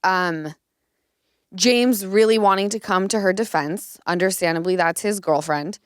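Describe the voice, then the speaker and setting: A woman in her thirties chats candidly on her own podcast, her voice smooth and resonant. The recording is dry and close. She tells her stories in an animated way, full of "like" fillers. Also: mid-range voice, unhurried, no echo. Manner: candid, animated storytelling with frequent "like". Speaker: podcast host. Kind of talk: casual chat.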